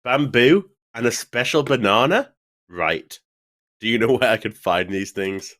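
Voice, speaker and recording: A man's voice: medium pitch, expressive, a little slow, fairly bright tone. A man reading the part of an earnest male adventurer in a game, in plain, formal quest dialogue.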